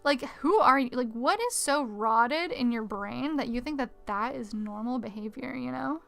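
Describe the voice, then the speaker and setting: A woman's voice: a little high, moderate pace, gravelly. Chatty woman streaming, music faint behind. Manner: chatty, rambling, animated storytelling with many fillers. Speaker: art streamer. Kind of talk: casual live-stream chat while drawing.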